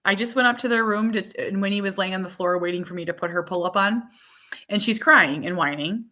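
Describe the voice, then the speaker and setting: A woman in her thirties, a mother, talking casually on a live chat stream, rambling with many fillers and quick laughs. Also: mid-range voice, pushed and bright.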